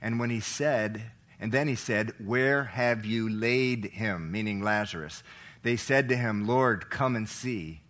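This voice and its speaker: A middle-aged man preaching a sermon, swinging between loud, emphatic lines and hushed, soft reading, and asking the congregation questions. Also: lowish voice, measured pace. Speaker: pastor.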